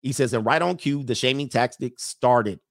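A man's voice: medium pitch, moderate pace, no room sound, clean studio sound. A man hosting a casual livestream, reading viewer messages, joking, laughing often and mimicking people.

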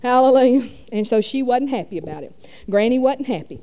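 Middle-aged woman, warm mellow tone, folksy rambling church testimony. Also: fairly high pitch, animated, a little fast, lo-fi sound. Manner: folksy rambling with many fillers. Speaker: church speaker. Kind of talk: testimony storytelling.

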